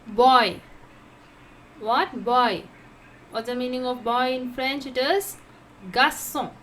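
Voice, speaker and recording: Slow, high-voiced woman teaching vocabulary. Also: fairly even intonation, fairly bright tone, a little hiss or hum. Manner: repeats each word several times, asks herself "how to pronounce?". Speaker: French teacher. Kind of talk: slow vocabulary lesson with repetition.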